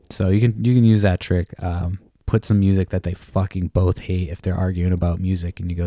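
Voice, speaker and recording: A man's voice: deep voice, little pitch movement, a little fast, few pauses, warm tone, no room sound, clean studio sound. A man in his thirties hosting a podcast, rambling casually with lots of cursing and laughing at his own stories. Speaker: podcast host.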